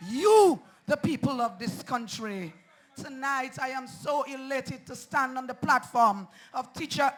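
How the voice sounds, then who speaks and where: A man giving a fiery campaign speech at an outdoor rally, rousing and shouting slogans into a stage microphone. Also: very high-pitched, measured pace. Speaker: political rally speaker.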